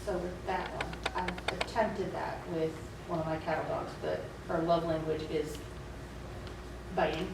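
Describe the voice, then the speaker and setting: A woman's voice: low-pitched, level tone, a little slow, vocal fry. A woman seminar participant casually asking the instructor about her own dog. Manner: chatty, asks informally. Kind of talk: casual question in a class. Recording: roomy, distant mic with background noise.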